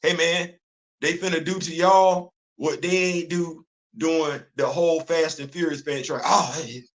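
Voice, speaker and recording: Animated high-voiced man ranting. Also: normal speed. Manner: animated, repetitive, laughing often, heavy slang. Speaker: host. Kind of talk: casual livestream commentary.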